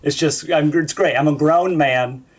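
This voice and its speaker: A man's voice: on the high side, unhurried. A man doing an easygoing stand-up set over a video call on a gaming headset, chuckling through his jokes. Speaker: stand-up comic.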